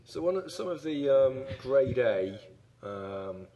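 A man's voice: mid-range voice, very animated, slow pace, dark tone, lo-fi sound. A man co-hosting a comic casual chat, telling stories in a wry, dry way with hesitations.

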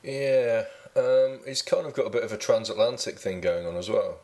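A man's voice: on the low side, fairly even intonation, moderate pace, darkish tone. A man hosting a comedy podcast, chatting with dry, teasing humor. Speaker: podcast host. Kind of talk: joking casual chat.

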